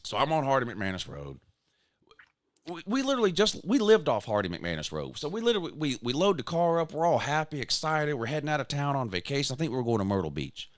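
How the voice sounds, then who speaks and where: A man, hosting a casual chat and telling a story in a self-mocking way, sometimes loud and sometimes mumbling. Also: mid-range voice, huge pitch swings, fast talker, no room sound, clean studio sound. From Georgia, US. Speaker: podcast host.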